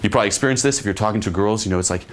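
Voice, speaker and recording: A man with a somewhat low voice teaches dating technique in an emphatic monologue. He keeps checking in with a quick "okay?" and slips into exaggerated higher voices to act out how women respond. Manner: acts out women's replies in raised voices. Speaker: dating coach. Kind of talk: instructional monologue.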